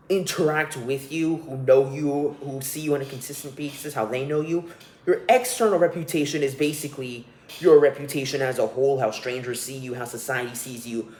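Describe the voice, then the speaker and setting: A man's voice: medium pitch, a little mellow. A young man hosting a solo podcast, ranting with profanity and scorn. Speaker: podcast host. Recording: roomy echo.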